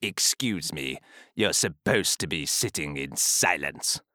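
A pompous male mayor in a storybook audio drama. His voice sits extremely low and rolls out slowly, every word weighty with self-importance. The recording is dry and close. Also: expressive, pushed and bright, no room sound, full character voice. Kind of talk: full-cast audiobook acting.

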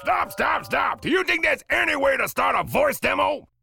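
A man voicing a bossy, manic director who yells and cuts in. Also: extremely high pitch, expressive, normal speed, gravelly, faint music behind, exaggerated voice. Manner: yelling, interrupting, bossy.

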